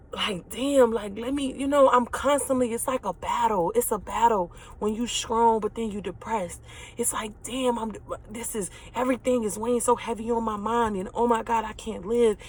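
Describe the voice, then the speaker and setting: A young woman in her late twenties speaks straight to her listeners in a heartfelt motivational monologue. Her voice sits a little high, and she is earnest and preachy, circling back over the same phrases for emphasis. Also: moderate pace, breathy edge. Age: late 20s.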